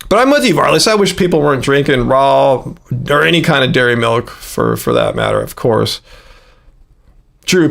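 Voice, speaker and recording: A man in his fifties chats loosely to his livestream viewers. His voice sits fairly high, and he rambles along with lots of fillers and restarted sentences. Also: creaky, fairly bright tone. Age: 50s. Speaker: livestream host. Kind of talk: casual livestream chat.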